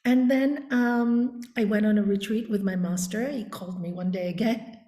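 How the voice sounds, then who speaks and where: A woman with a warm, mellow voice speaks unhurriedly, like a teacher. She tells reflective stories as a yoga guide. Her voice sits in a roomy, echoing space. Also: mid-range voice. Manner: slow, deliberate teaching tone. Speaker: yoga teacher, interview guest. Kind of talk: reflective storytelling. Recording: roomy echo.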